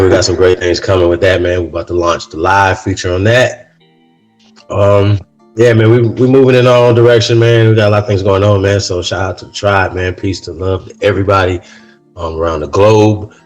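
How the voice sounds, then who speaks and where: A man's voice: deep voice, low-quality recording. Man talking casually, "man" after every line. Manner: says "man" and "right?" often; gets heated. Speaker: podcast host. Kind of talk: casual monologue.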